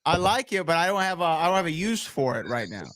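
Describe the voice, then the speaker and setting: A man with a fairly high voice, co-hosting a casual sports podcast. He thinks aloud and qualifies his opinions as he talks. The studio sound is dry and close. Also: big pitch swings, fast, fairly bright tone, no room sound. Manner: talkative, thinks aloud with hedges. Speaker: podcast co-host. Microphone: studio microphone.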